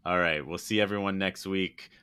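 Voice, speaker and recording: Deep, crisp-voiced podcast host man. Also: fairly even intonation, normal speed, bright, forceful tone, dry recording. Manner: enthusiastic, effusive, profane. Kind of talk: casual chat.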